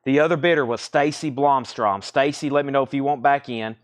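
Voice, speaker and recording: A man hosting a live record sale, rattling off titles and prices in brisk auctioneer patter, a bit out of breath. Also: mid-range voice.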